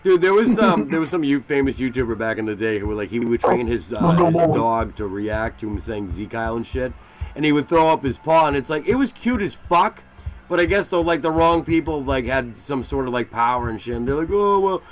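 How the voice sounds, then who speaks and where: A man's voice: mid-range voice, animated, a little fast. Rambling, profane male streamer. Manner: profane, rambling, jumps into mocking voices. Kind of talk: casual gaming stream chat.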